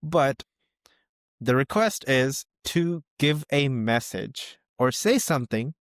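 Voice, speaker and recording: A man's voice: mid-range voice, lively intonation, slow, no room sound, studio quality. Enthusiastic male podcast host. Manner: enthusiastic, restarts phrases. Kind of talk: casual interview chat.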